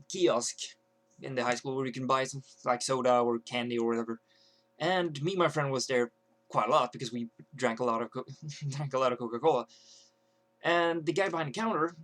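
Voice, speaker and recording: A young man rants on his vlog in a rambling, unpolished way. He restarts sentences often and fills pauses with "like." His voice sits a little high for a man. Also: a bit bright. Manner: rambling, many fillers and restarts. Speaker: vlogger. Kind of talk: ranting to camera.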